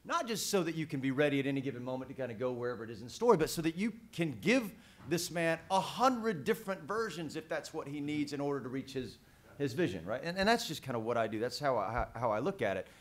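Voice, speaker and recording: A man on a press conference panel telling a story about acting, animated, swearing and repeating words. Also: fairly high pitch, quick pace.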